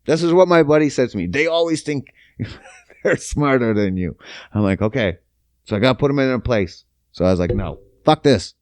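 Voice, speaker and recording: A man in his thirties from Canada telling a story on his podcast, swearing often and swinging between loud outbursts and low mutters. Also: fairly quick, no room sound. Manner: profane, emphatic, big pitch swings. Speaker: podcast host. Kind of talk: casual storytelling monologue.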